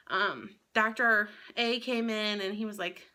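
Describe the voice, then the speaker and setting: A woman's voice: mid-range voice, fairly even intonation, a little slow, hardly any pauses, bright, forceful tone. A young woman vlogger telling a personal story in a candid, rambling way, swearing freely. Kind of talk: casual storytelling to camera.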